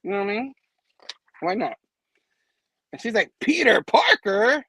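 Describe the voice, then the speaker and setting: A man's voice: high-pitched, expressive, moderate pace, breathy edge, dry recording, low-quality recording. A man hosting a comic book review show, casually recapping an issue in a rambling way, chuckling often and using lots of fillers.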